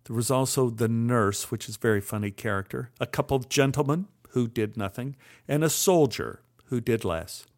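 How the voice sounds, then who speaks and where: A man's voice: mid-range voice, expressive, moderate pace. Older guy spinning a funny story from his past, dry wry delivery. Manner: wry, dry humor with acted-out quotes. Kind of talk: personal storytelling monologue.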